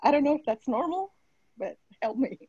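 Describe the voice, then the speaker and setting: A woman's voice: high-pitched, lively intonation, a little mellow, no echo, dull audio. Hesitant woman asking over a video call. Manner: hesitant, halting, full of restarts and apologies. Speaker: team member asking a question.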